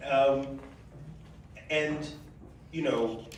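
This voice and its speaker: A man's voice: mid-range voice, fairly even intonation, very slow, a crowd in the background. A man moderating a conversation, joking and hesitating with fillers as he moves to the next question. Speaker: interviewer, moderator. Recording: echoey and distant, audible noise.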